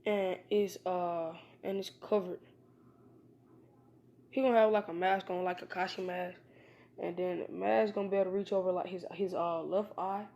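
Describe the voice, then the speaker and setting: A woman's voice: on the low side, steady tone, moderate pace, dark tone. A woman casually telling a fan story, rambling and informal, with many fillers and restarts. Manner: informal, slangy.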